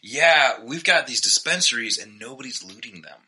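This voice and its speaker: A man's voice: medium pitch, expressive, moderate pace, bright, forceful tone, slightly rough, low-quality recording. A man, a comedian, telling rambling stories in a casual chat. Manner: rambling, self-interrupting storyteller.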